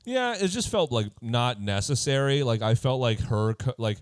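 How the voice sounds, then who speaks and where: A man's voice: mid-range voice, normal speed, smooth, no echo, clean studio sound. A man co-hosting a podcast, chatting loosely about a reality show with many fillers. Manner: relaxed, loose, lots of fillers and laughs. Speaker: podcast co-host. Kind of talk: casual chat recapping a reality show.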